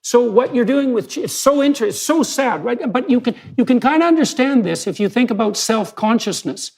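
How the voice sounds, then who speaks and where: A man with a high voice for a man, roughened by a steady gravelly fry. He talks in an analytical, lecturing way, blunt and emphatic, and builds his case step by step through examples. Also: a little fast. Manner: emphatic and blunt, with vivid hypotheticals. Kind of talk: analytical lecture-style conversation.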